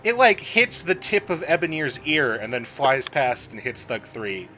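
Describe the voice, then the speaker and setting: A man's voice: medium pitch, very animated, measured pace, pushed and bright, faint music behind. A man narrating as game master for a tabletop role-playing game, talking casually and often restarting his sentences.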